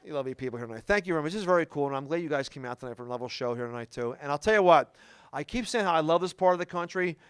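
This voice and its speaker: A middle-aged man doing a stand-up comedy routine, telling stories in an animated way with quick asides. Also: on the high side, smooth, dry recording. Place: comedy club stage.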